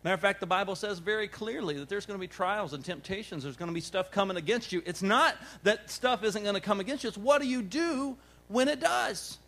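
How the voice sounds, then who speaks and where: Pastor guy preaching, a bit high voice, punchy questions. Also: lively intonation, brisk, hardly any pauses, fairly bright tone. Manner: emphatic preaching, rhetorical questions. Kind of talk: sermon.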